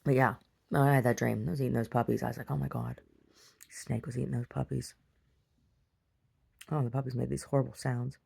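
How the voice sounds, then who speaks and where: A woman vlogger casually retelling a dream in a rambling, animated way, full of restarts. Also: very deep voice, a little fast, creaky, long pauses, husky. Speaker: video diary vlogger. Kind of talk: casual storytelling to camera.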